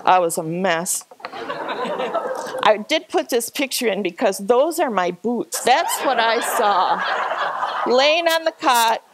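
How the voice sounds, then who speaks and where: A woman telling an animated, self-deprecating personal story at a church gathering, laughing often. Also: mid-range voice, slow pace, heavy background noise. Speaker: speaker sharing a personal story. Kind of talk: storytelling talk with slides.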